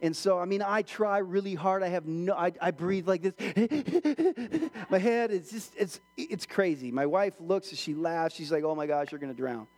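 A middle-aged male pastor delivers a casual, animated sermon, slipping into little voices for the people in his stories. His voice sits high, and a long church reverb trails every phrase. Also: normal speed, hardly any pauses. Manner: animated, acts out quoted voices.

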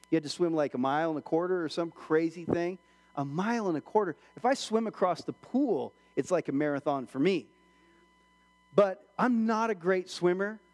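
A middle-aged man preaching a sermon as pastor in church, animated, acting out the voices he quotes. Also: fairly high pitch, big-room sound.

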